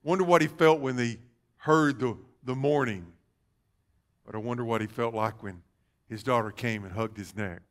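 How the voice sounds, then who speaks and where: A man preaching a sermon as pastor, calling out questions to the congregation and rising to loud, fervent passages. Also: medium pitch, moderate pace. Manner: call-and-response preaching, rising to loud fervor. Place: church sanctuary.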